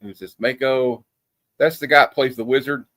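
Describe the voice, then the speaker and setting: On a streaming setup, a movie review host chats casually about film, rambling, restarting often, and stacking up fillers. His mid-pitched voice is a bit bright, with fairly even intonation at normal speed. The sound is close and dry, with no room around it.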